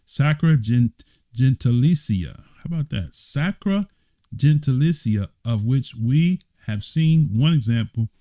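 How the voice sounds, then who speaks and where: A man teaching a Bible study, reading passages aloud and commenting on them. His voice sits at a middling pitch but swings up and down freely. He breaks off often for playful, mock-surprised exclamations. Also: unhurried, no room sound. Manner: animated, teasing asides with laughter.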